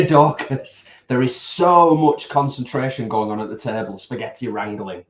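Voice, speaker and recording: A man's voice: medium pitch, steady tone, measured pace. A man co-hosting a casual livestream while eating, easygoing and chatty as he reads out viewer comments. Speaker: co-host of a vegan livestream. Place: home, at a table while eating. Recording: echoey room, slightly dull sound.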